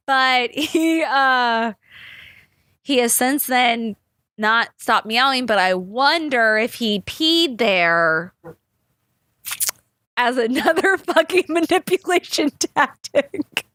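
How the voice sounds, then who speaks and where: Animated, swearing woman podcast host. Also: on the high side, slow pace, long pauses, no room sound, clean studio sound. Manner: rambling, animated, swears freely. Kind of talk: casual chat.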